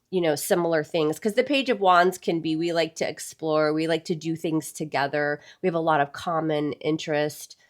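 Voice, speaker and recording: A woman reading tarot cards for her viewers in a casual, chatty way. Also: low voice. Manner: chatty, addresses viewers as "y'all". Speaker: tarot reader.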